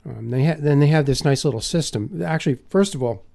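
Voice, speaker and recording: A man co-hosting a podcast, speaking haltingly with frequent restarts. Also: on the high side, gravelly, warm tone. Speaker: podcast co-host. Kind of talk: casual podcast chat.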